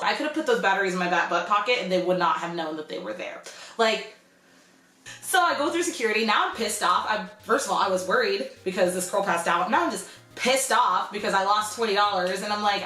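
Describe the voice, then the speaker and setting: A young woman telling a story in a casual vlog, chatty and animated, with "like" in nearly every sentence. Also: mid-range voice, brisk, reverberant. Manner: chatty, animated, heavy use of "like". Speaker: vlogger.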